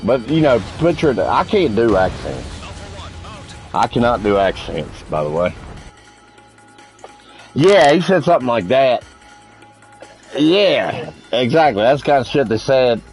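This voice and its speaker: A man's voice: medium pitch, sing-song, a little slow, pauses often, darkish tone, soft background music. A man streaming a multiplayer game, chatting casually and crudely with friends, telling rambling stories and teasing them. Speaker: gaming streamer.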